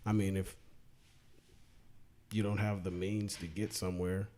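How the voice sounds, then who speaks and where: A man's voice: deep voice, flat delivery, a little slow, a crowd in the background. A man, a comedian guest, speaking bluntly and loosely with profanity in a casual panel discussion.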